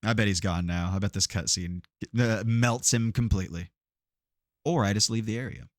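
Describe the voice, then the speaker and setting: A man's voice: on the low side, normal speed, dry recording, studio quality. A man doing casual let's-play commentary, chatty, swearing often and laughing. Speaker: streamer playing a game. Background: game music.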